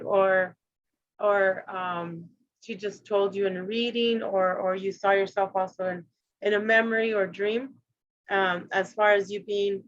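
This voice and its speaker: A woman's voice: medium pitch, fairly bright tone, no room sound. A woman hosting an interview, asking questions hesitantly and searching for words. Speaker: host. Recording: dry dull lo-fi recording.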